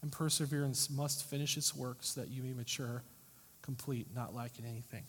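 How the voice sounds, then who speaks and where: A man preaching a sermon as pastor, earnest and emphatic, often rising and falling sharply in loudness. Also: mid-range voice, little pitch movement, fairly quick, breathy edge. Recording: long hall reverb.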